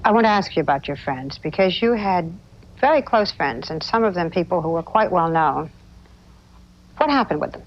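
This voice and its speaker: A woman's voice: fairly low pitch, animated, normal speed. Woman TV reporter, muffled broadcast sound. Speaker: TV news correspondent. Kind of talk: news report narration and interviewing. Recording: dull lo-fi 1980s TV audio with faint noise.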